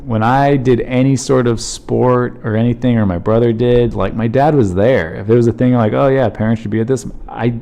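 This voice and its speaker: Mellow-voiced rambling comedian man. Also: mid-range voice. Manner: rambling, heartfelt, filler-heavy. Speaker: comedian podcast host. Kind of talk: casual solo podcast monologue.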